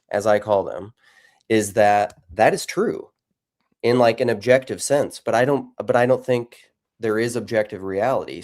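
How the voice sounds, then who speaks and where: A man's voice: on the low side, a little mellow. A man hosting a live discussion on theology, thinking aloud with frequent restarts and reading out viewer comments. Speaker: podcast host.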